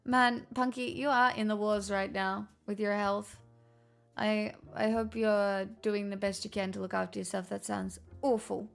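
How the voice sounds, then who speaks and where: A woman live streamer chatting casually with her viewers in a put-on transatlantic accent, with theatrical, drawn-out delivery and plenty of swearing. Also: medium pitch, steady tone, gravelly, soft background music.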